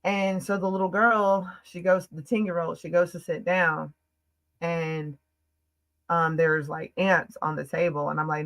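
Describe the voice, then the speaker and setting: Bright, emphatic American woman storyteller. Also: lowish voice, little pitch movement, low-quality recording. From United States. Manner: emphatic, fast-flowing, frequent "like" fillers. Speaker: podcast guest. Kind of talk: casual storytelling.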